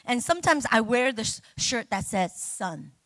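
A middle-aged woman preaching a sermon, chatty and humorous with the congregation and bursting into loud, emotional exclamations. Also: a little high, sing-song, moderate pace, dry recording.

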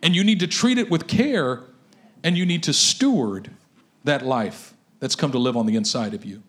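A man preaching a sermon, animated and telling vivid stories to his congregation. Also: medium pitch, normal speed. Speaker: pastor.

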